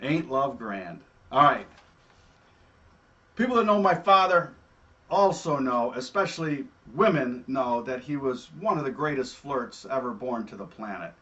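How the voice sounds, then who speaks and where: A man hosting a show, telling stories in a casual, animated way and often adding "all right?". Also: mid-range voice, normal speed, highs cut off. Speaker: host. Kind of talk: casual storytelling.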